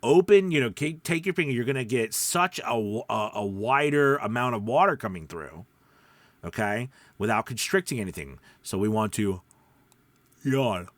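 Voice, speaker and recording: A man teaching voice-over in a casual video lesson, speaking close to the microphone and showing how his voice drops deep and quiet. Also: moderate pace, no echo. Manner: demonstrates pitch, drops deep and quiet then rises. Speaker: voice-over coach. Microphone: close studio mic.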